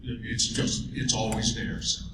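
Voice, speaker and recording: A man moderating a convention panel, rambling and halting with many restarts. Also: medium pitch, completely flat delivery, far from the mic. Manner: rambling, full of hesitations. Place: large convention hall. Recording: echoey hall from afar, loud noise.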